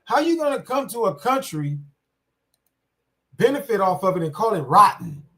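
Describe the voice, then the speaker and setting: A man's voice: high-pitched, sing-song, moderate pace, fairly bright tone. A man giving casual reaction commentary on a clip, indignant and repetitive, talking straight to his viewers.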